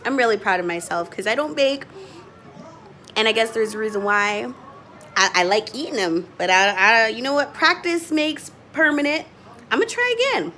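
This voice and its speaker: A young woman vlogging as she bakes at home in her kitchen, chatty and excitable, and she laughs often. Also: medium pitch, a little hiss or hum. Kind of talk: casual home baking vlog.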